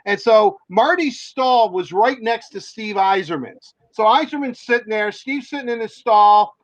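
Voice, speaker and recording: A man's voice: sits high, expressive, measured pace, dry recording, dull audio. A man, a sports reporter, telling a long story in a rambling way with many fillers and restarts. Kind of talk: casual storytelling.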